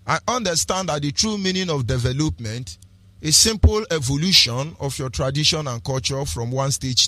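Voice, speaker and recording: Speaking with a Nigerian accent, this radio broadcaster delivers an impassioned, preachy political talk full of repeated rhetorical phrases and occasional slips into pidgin. His voice is fairly high and a bit bright, and the recording is dry.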